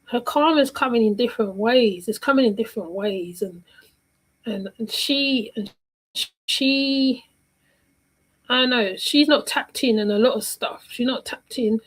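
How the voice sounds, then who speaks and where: A woman's voice: fairly high pitch, a little slow, rough recording. A woman giving casual reaction commentary on a livestream, rambling and repeating herself while she searches for words.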